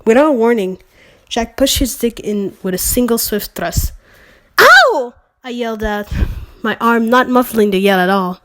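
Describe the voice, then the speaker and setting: A woman's voice: on the high side, moderate pace. A woman reading a fan story aloud for laughs, stumbling over words and breaking off for sarcastic asides. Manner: sarcastic asides, slips and self-corrections. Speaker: channel host. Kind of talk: mocking reading of fan fiction.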